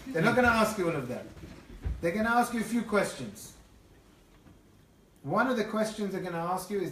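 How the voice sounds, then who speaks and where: Man teaching torah with stories, lively, far from mic, echoey room. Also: on the high side, quick pace, a little hiss or hum. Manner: animated, often restarts phrases. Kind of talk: lively storytelling lecture.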